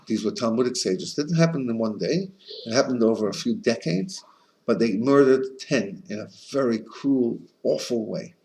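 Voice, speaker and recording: A man, a rabbi, giving a Torah class in an animated storytelling manner with frequent restarts. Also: mid-range voice, normal speed, a little hiss or hum.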